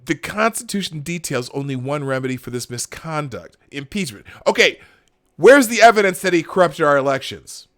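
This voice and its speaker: Male talk-show host, ranting and sarcastic, higher voice with wide swings. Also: expressive, normal speed, fairly bright tone. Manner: heated, swearing, sarcastic. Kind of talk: ranting political commentary.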